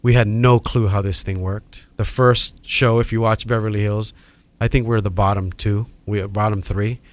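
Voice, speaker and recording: A middle-aged man from Hawaii with a Hawaiian accent, telling animated stories as a podcast guest. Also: fairly low pitch, normal speed. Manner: animated storyteller acting out quoted voices. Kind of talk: storytelling in a podcast interview.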